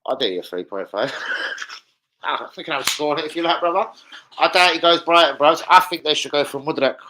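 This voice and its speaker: A man's voice: fairly high pitch, fairly quick, background noise. A man chatting live to viewers about football, with sweary, blunt banter. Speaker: football fan streamer. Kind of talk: casual live-stream chat.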